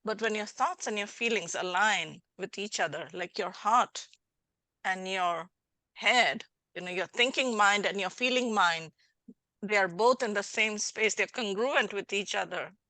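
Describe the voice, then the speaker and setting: Woman, podcast host, life coach, bright tone, animated storytelling. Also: mid-range voice, a little slow, no echo. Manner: animated, acts out little scenes with changing voices. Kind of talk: conversational interview.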